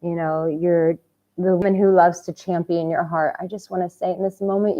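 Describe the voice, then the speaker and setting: A woman's voice: on the low side, fairly even intonation, moderate pace. Effusive woman coach, dull lo-fi sound. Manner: effusive, swings from hushed tenderness to loud exuberant outbursts, swears casually. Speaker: dating coach. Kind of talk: heartfelt motivational vlog talk.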